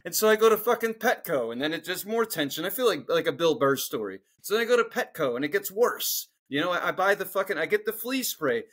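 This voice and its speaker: A man's voice: high-pitched, big pitch swings, quick pace, few pauses, fairly bright tone. A middle-aged man from Philadelphia, co-hosting a podcast and telling a profane, ranting story in casual chat. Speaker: podcast co-host.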